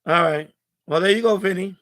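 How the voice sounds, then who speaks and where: A man's voice: high-pitched, a little fast, fairly bright tone. A man hosting a live stream, ranting angrily and profanely at a viewer in the chat. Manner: angry, profane, repetitive rant.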